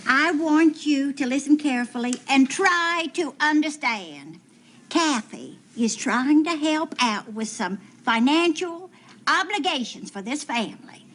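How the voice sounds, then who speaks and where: An actress playing a prim, patriotic housewife and mother who explains things slowly and deliberately in a 1970s TV soap. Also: high-pitched.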